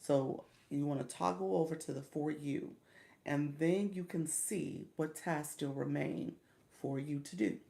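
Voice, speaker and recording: Middle-aged female streamer-coach, low and very fry-heavy, chatty and encouraging, greets viewers by name. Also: unhurried, warm tone. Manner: encouraging, coaching tone with repeated "okay?". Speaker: livestream host and coach. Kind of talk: casual livestream chat.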